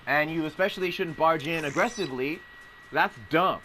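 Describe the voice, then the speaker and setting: Man, profane rambling rant, fairly high voice, forceful and tense. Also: normal speed, slight background noise.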